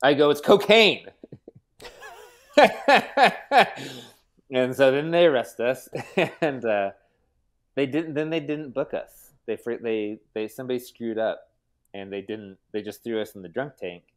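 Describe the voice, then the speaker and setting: A man's voice: mid-range voice, normal speed, darkish tone. A man telling self-mocking anecdotes as a podcast guest, in casual chat and often laughing. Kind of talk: casual storytelling.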